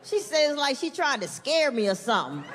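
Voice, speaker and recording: Animated woman doing stand-up in a hall. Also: moderate pace, a loud crowd. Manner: animated, swooping into high-pitched acted-out voices, profane. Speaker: stand-up comedian. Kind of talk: stand-up comedy set. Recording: live hall reverb, faint room noise.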